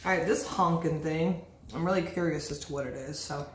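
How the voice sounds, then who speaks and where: A woman's voice: low voice, fairly quick, slight background noise. Chatty woman vlogging in an echoey bakery. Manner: chatty, enthusiastic food tasting. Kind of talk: casual vlog chat. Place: bakery, indoors. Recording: echoey room with faint ambience.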